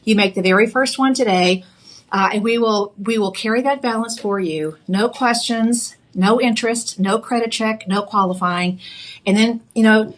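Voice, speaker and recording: A woman's voice: fairly high pitch, moderate pace. Chatty Texan woman selling jewelry live. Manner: chatty, upbeat sales patter with fillers. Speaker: shopping channel jewelry host. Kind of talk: live shopping presentation.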